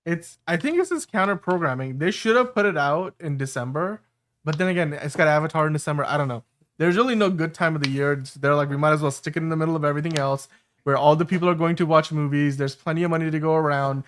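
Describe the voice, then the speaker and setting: A man's voice: a little high, fast talker, a bit bright. A man hosting a live-stream show, reading viewer comments in an easygoing way. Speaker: host. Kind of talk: casual live-stream chat.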